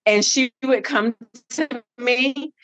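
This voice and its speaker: A middle-aged woman, a podcast guest, telling a personal story with lively acted-out dialogue. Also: sits high, slow pace. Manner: animated, acts out quoted dialogue.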